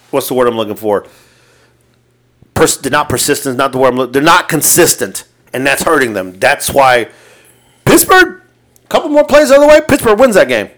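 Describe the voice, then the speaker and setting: A man co-hosting a casual sports podcast, swearing a lot, excitable and laughing often. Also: medium pitch. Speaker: podcast co-host.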